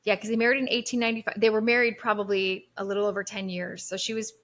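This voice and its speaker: A woman's voice: mid-range voice, flat delivery, very fast, a bit bright. A woman hosting a podcast, retelling a history story in casual chat with many fillers and restarts. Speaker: podcast host.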